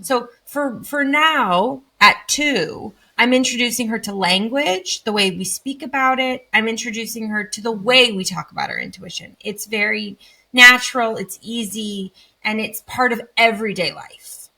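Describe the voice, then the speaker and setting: Bright-voiced woman telling lively stories. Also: a little high, moderate pace, vocal fry. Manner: animated, acts out anecdotes with lively emphasis. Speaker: podcast guest, intuitive. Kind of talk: casual conversational storytelling.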